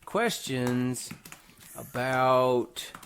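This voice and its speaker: A woman's voice: a bass voice, very slow, slight background noise. A woman co-hosting a casual comedy podcast, teasing and laughing often. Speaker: podcast co-host.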